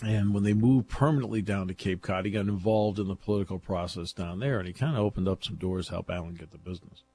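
A man's voice: low-pitched, fast, darkish tone, slight background noise. A man talking football in casual chat, chatty and laughing often as he tells stories. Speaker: football analyst.

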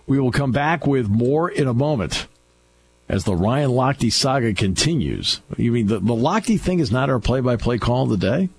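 A man's voice: medium pitch, animated, moderate pace, creaky, husky. A middle-aged man hosting a radio talk show, telling stories in a chatty way with restarts. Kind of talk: casual radio chat. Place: radio studio.

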